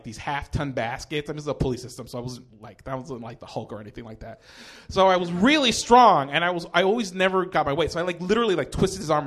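Animated high-voiced man telling a story. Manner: animated, swears freely, shouts quoted lines. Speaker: storyteller at a live storytelling show. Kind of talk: comic storytelling on stage.

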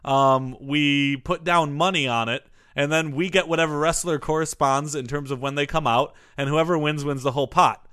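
A man with a bright, fairly high voice trades dry, wry jokes in a casual chat. His tone stays light and crisp as he tells stories and teases his host. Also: steady tone, moderate pace, hardly any pauses. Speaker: podcast guest.

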